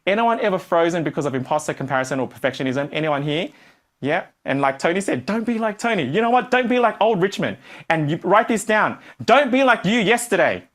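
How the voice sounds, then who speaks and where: A man teaching a business course to a live audience, animated and playful, swinging between loud bursts and quiet asides. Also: sits high, brisk. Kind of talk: energetic live workshop teaching. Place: training room with a live audience.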